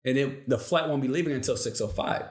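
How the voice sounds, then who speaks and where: A man's voice: medium pitch, fast talker, natural voice. A man doing a puzzled airline gate lady. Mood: insistent. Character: polite, puzzled female airport gate agent. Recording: echoey room.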